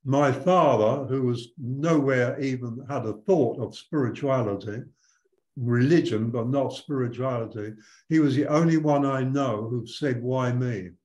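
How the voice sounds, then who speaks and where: A man's voice: medium pitch, measured pace, a little mellow, reverberant, low-quality recording. An older man, a spiritual teacher, talking reflectively and telling stories in an interview, with frequent restarts. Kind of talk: conversational interview storytelling.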